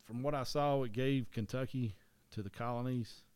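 A man's voice: mid-range voice, fairly even intonation, normal speed, a little mellow, smooth, dry recording. A man from East Tennessee with a Southern accent, co-hosting a casual history chat in a rambling way, often restarting and correcting himself.

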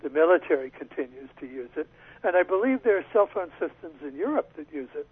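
A man's voice: fairly high pitch, sing-song, fast, breathy edge, dry recording. A male author being interviewed by phone from home, telling a story thoughtfully with small restarts and laughs. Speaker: author guest. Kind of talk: radio interview over the phone. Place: home in Northern California. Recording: tinny phone line.

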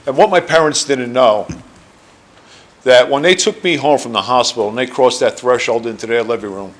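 In a meeting room, a man in his sixties with a New Jersey accent gives personal testimony as a recovery meeting speaker, telling his story to the listeners. He rambles earnestly, using fillers, at normal speed and in a plain mid-range pitch.

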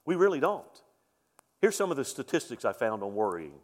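Emphatic preacher in a reverberant hall. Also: male voice, mid-range voice, big pitch swings, moderate pace. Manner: emphatic, repeats key lines, rhetorical questions. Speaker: pastor. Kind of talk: sermon. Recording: long reverb of a large hall.

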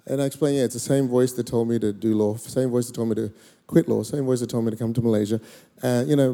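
Man, pastor, thirties, comic storytelling sermon, mellow voice, long hall echo. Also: mid-range voice, a little fast. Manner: animated, comic storytelling with sudden loud peaks. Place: large church hall.

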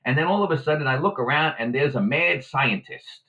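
A man tells a story in an animated way and acts out the voices of other people. His voice is bright and his pitch moves a lot. The recording is slightly dull. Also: fairly quick. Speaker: guest. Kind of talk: casual storytelling.

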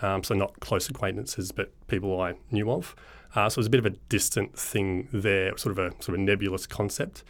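A man's voice: fairly low pitch, brisk, hardly any pauses. An Australian man from Melbourne, a guest in an interview, telling his story in an easygoing, reflective way and laughing often. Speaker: guest, charity founder.

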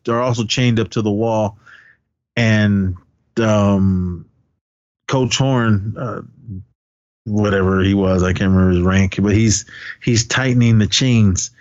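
A man's voice: lowish voice, fairly even intonation, slow pace, long pauses, no echo, highs cut off. A man co-hosting a podcast, casually retelling movie scenes, often laughing and swearing now and then. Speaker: podcast co-host. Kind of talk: casual movie recap chat.

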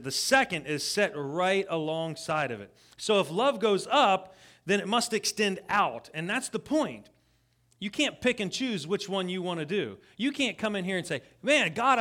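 A man preaching a sermon as a guest at a church service, in a fairly high voice. He talks in a casual, earnest way and often breaks off and restarts his sentences. He turns often to the congregation with quick asides. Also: fairly bright tone. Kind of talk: conversational sermon.

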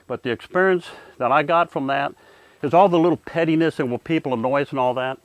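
An older man, a Vietnam veteran, telling his near-death experience in an earnest, halting way with many restarts. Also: on the high side, no echo. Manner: earnest, halting, frequent repeated starts. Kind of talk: personal testimony.

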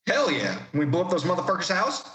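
A man casually telling war stories in a profane, animated way, acting out what people said. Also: high voice, brisk, echoey room, rough recording. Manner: profane, animated, acts out quotes loudly. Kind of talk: casual storytelling.

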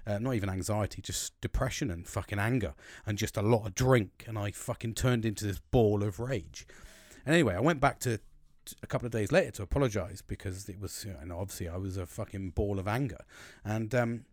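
A man's voice: fairly low pitch, brisk, darkish tone, dry recording, clean studio sound. A man in his thirties hosting a late-night podcast, talking candidly and rambling with frequent swearing and restarts. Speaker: podcast host.

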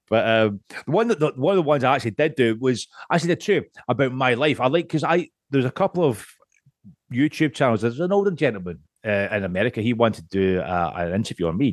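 A man's voice: mid-range voice, no echo, clean studio sound. A Scottish man on a podcast as a guest, chatting casually, rambling, swearing freely and laughing often. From Scotland.

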